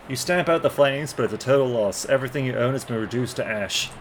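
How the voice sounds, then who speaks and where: A man's voice: mid-range voice, fast talker, hardly any pauses, a little hiss or hum. A man playing a game and reading its text aloud, stumbling over words now and then. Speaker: gameplay commentator. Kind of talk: casual let's play commentary.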